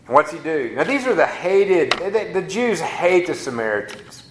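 A man's voice: on the high side, very animated, moderate pace, background noise. A man, preaching a sermon as a pastor in a folksy, conversational way with casual asides. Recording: echoey room.

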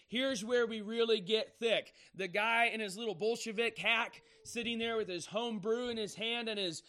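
A man preaching a fiery sermon as an evangelist, emphatic and building to shouted warnings. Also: high-pitched.

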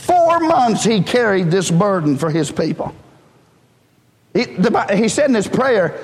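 Pastor preaching, high voice, blunt and folksy, church hall echo. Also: male voice, sing-song, unhurried. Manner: folksy, blunt and self-deprecating, joking with the congregation. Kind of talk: sermon. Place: church sanctuary.

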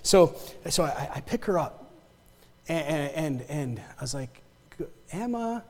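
A man's voice: fairly high pitch, unhurried, a little mellow. A man preaching a sermon in a conversational way, often checking in with the congregation and repeating himself as he talks. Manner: conversational, repeats words, asks the congregation "right?" and "amen?". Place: church sanctuary. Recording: long hall reverb.

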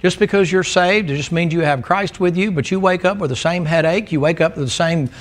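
The voice is fairly high and brisk. It's a male preacher giving a folksy, playful sermon to a congregation in church, a storyteller who teases the people listening.

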